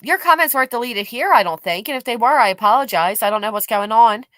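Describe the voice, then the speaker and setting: A woman's voice: on the high side, lively intonation, fast, fairly bright tone, no echo. A woman hosting a livestream, commenting bluntly and angrily with profanity while reading out chat messages. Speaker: commentary channel host.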